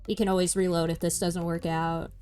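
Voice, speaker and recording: A woman's voice: lowish voice, level tone, a little fast, a little mellow, soft background music. A young woman streaming a game, chatting casually with a co-player, agreeing often and giggling as she thinks aloud. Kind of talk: casual let's-play chat.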